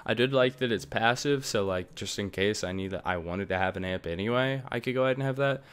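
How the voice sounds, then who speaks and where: A young man talks a little fast in a lowish, clean-toned voice while rambling through a casual home tutorial about recording setups. Recorded on a desktop USB microphone, it's full of fillers and tossed-off asides.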